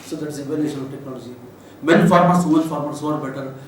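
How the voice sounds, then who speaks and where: A man's voice: a little high, quick pace. A man in his seventies with an Indian English accent, giving a rambling, emotional lecture full of fillers. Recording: roomy echo, voice from a distance, faint noise.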